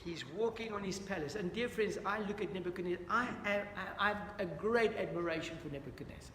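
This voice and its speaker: High-voiced man teaching a Bible study. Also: fast, fairly bright tone, slight background noise. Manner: earnest, questions the audience, repeats "dear friends". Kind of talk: interactive Bible study lesson. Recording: echoey hall with long reverb, faint ambience.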